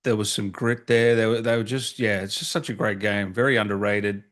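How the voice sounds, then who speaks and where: A man's voice: lowish voice, fairly even intonation, fairly quick, fairly bright tone. Enthusiastic man hosting an interview. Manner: enthusiastic, admiring, fan-like. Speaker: podcast host. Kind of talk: casual interview chat.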